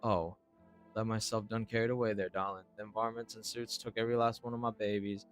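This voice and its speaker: A folksy southern matriarch with a thick drawl, voiced by a man. She calls everyone darling in a syrupy, nosy way, in a low voice raised a bit louder than his plain talk. Faint game music lingers behind. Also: little pitch movement, a little fast, natural voice. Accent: American Southern, put on.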